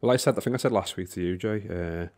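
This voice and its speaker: A man's voice: deep voice, fast talker, darkish tone. A man, rambling and swearing freely in casual football podcast chat. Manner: rambling, swears a lot, restarts often. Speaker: podcast host.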